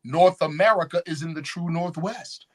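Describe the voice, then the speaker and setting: A man's voice: on the high side, normal speed. A man giving a lecture at a conference, often checking in with the audience with questions. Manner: animated, call-and-response questions. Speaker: conference speaker. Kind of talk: lecture with slides. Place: conference hall.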